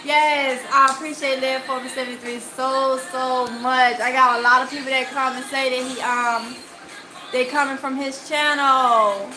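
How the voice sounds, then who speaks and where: A woman's voice: high voice, steady tone, normal speed, background noise. A woman with a Mississippi accent hosting a livestream, reading viewer comments aloud in a chatty way and laughing easily. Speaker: channel host.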